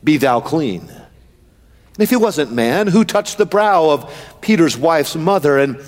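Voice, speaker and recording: A man's voice: a little high, animated, slow, long reverb tail. A male preacher delivering a sermon with a rhythmic build that swells into a sing-song chant.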